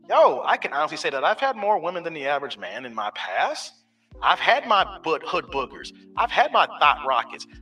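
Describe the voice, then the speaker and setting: A man's voice: fairly high pitch, pushed and bright. A man in his forties hosting a casual live stream, telling loose stories full of street slang and swearing. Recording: distant mic with faint music.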